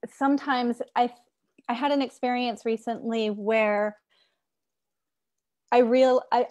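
A woman speaking calmly and reflectively as a guest in an interview. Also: a little high. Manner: calm, reflective, supportive. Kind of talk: conversational interview.

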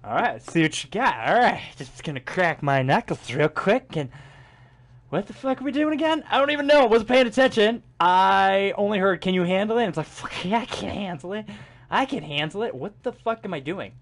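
A young man giving casual gameplay commentary, jokey, swearing a lot and exclaiming loudly. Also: high-pitched, animated, brisk. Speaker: gaming streamer.

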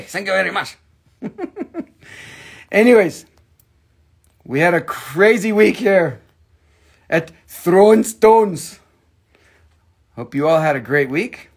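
A man's voice: high-pitched, gravelly, breathy edge. A man hosting a casual live stream from home, chatting in a playful, joking, rambling way. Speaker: live-stream host selling stones.

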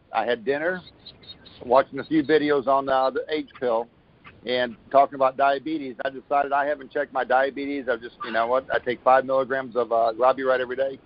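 A man talks through a long, upbeat testimonial, rambling and restarting as he goes. His pitch sits right in the middle of the range. The call comes through muffled and lo-fi. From Florida. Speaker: caller giving a product testimonial. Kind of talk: casual phone call testimony.

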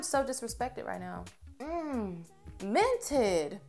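A woman's voice: mid-range voice, normal speed, fairly bright tone, soft background music. Chatty, gushing young woman vlogger. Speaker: beauty vlogger. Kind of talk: casual makeup review.

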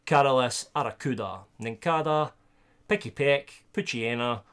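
Excitable Scottish man opening cards. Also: medium pitch, moderate pace, smooth. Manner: chatty and excitable, bursts of loud delight. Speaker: streamer. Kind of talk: casual live-stream card opening, chatting to viewers.

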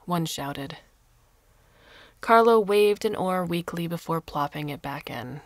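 A woman narrating a short story for a podcast, expressive, sometimes dropping to a soft hush. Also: deep voice, a little slow, no echo.

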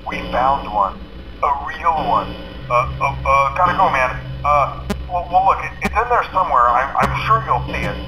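A man's voice: mid-range voice, animated, moderate pace, over music, natural voice, poor audio. An actor playing a chatty male night-shift manager who leaves stammering, casual recorded messages. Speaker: game character leaving phone messages. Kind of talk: recorded game voice lines.

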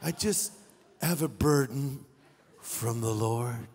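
A man's voice: medium pitch, slow, a little mellow, big-room sound, pitched below the performer's own voice. A man doing a mopey, gloomy churchgoing woman.

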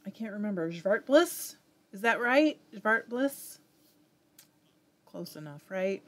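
A woman's voice: medium pitch, lively intonation, a little fast, fairly bright tone. A woman with a Southern US accent hosting a live fiber arts stream, chatting casually and reading viewer comments aloud with frequent laughs.

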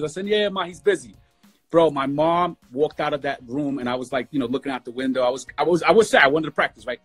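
A man from New York City, a music producer guest, telling stories from his youth in a fast, emotional, casual way over a phone livestream. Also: a little high, a bit bright, slightly rough. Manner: fast, emotional storytelling with lots of "bro". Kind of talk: casual storytelling interview.

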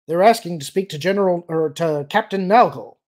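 A man voicing an alert bridge comm officer calling out reports, higher and louder than the narration. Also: natural voice. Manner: brisk, called out.

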